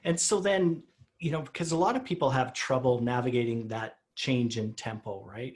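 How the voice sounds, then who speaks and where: A male host interviews his guest in a relaxed, conversational manner. His questions wander and qualify themselves before landing. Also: mid-range voice.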